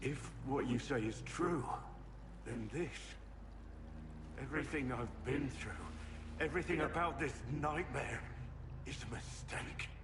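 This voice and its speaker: An actor playing a weary soldier in a video game, speaking in a shaken, disbelieving way. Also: male voice, mid-range voice, a little slow, background noise, lightly acted. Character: weary soldier in a grim future.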